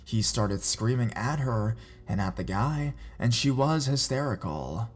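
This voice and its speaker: A man reading reader-submitted scary stories aloud in a measured, even narration. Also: mid-range voice. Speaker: horror story narrator.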